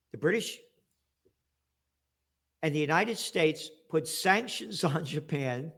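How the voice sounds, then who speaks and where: A man giving ranting political commentary as an interview guest, sarcastic, with bursts of shouting. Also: fairly high pitch.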